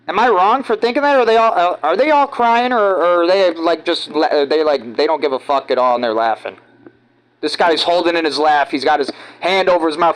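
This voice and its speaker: High-voiced ny guy rambling about clips, stops and restarts a lot. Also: smooth, poor audio. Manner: halting, restarts often, conspiratorial. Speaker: vlogger. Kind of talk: rambling commentary over clips.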